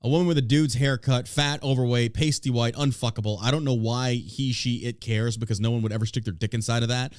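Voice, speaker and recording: A man hosting a podcast in casual chat, talking in an animated, profane and sarcastic way. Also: mid-range voice, a little fast, few pauses, dry recording, clean studio sound. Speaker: podcast host.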